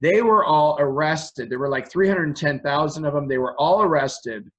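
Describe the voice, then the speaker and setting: Guest, man with a runny nose, raised pitch, rambling chatty storyteller. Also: normal speed, a bit bright, breathy edge, highs cut off. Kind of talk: casual storytelling interview.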